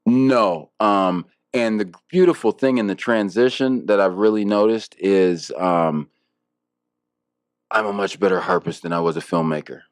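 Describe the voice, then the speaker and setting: A man's voice: on the low side, a little slow, no room sound, clean studio sound. A man, a harpist guest in an interview, talking casually and reflectively with many fillers and restarts.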